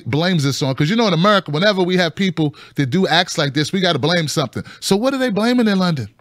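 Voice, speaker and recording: A man hosting a casual news commentary show, animated and sarcastic, jumping between high mocking tones and low grumbles. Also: no echo, clean studio sound. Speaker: show host.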